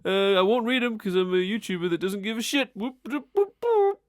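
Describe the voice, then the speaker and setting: A man putting on a high, mocking voice as a smug male YouTuber who begs for comments. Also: big pitch swings, brisk, no room sound, clean studio sound. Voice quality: high, mocking, sing-song.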